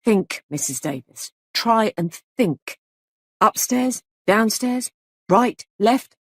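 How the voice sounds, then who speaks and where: A woman's voice: fairly high pitch, lively intonation, slow pace, no room sound, voice pushed up, heavily acted. A woman voicing a grave male police sergeant who questions people in a clipped, insistent way. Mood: stern.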